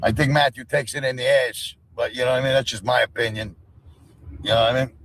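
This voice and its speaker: A man's voice: mid-range voice, steady tone, fast, a bit bright. Rambling man on a noisy line. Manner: rambling, repeats "you know what I mean". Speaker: guest on a livestream. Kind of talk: casual chat.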